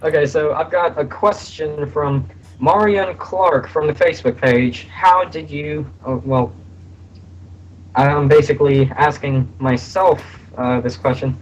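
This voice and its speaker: A young man being interviewed about voice acting, talking in a halting way with many fillers, a little hoarse from being sick. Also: fairly high pitch, lo-fi sound. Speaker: voice actor guest. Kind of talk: casual interview on a voice call. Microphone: voice call.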